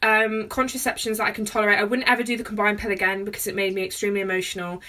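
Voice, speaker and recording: Young woman, bright tense voice, nervous and chatty, phone mic set a little away. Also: mid-range voice, flat delivery, rapid-fire, distant mic. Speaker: vlogger. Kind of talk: personal vlog.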